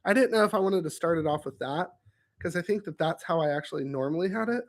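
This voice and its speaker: Gravelly, jokey male vlog host. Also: a little high, lively intonation, fast talker. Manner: jokey, self-amused, bursts of loud exclamations. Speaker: show host. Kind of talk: casual on-camera chat. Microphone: studio microphone on a stand.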